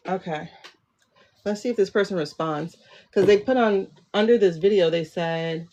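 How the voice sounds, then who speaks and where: A woman with a lowish, dark-toned voice hosts a casual livestream chat at a moderate pace. She's a tarot reader who rambles chattily and often cuts herself off mid-sentence.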